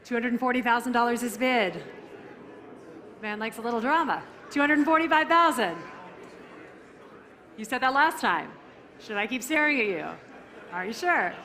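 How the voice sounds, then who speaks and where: A woman working as an auctioneer, calling bids briskly and teasing the bidders in a live auction room. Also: on the high side, lively intonation, sharp tone.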